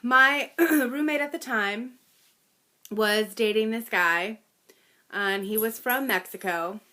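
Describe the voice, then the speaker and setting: Speaking slowly in a voice on the high side with a sharp tone, a woman in her thirties shares a personal story. She keeps it chatty and self-deprecating, with small laughs and fillers.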